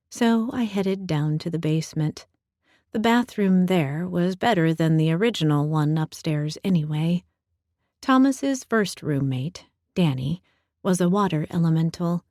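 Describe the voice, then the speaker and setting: Unhurried, mellow woman narrating an audiobook. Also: on the low side, dry recording, studio quality. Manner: calm, measured, intimate. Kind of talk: scripted first-person audiobook narration.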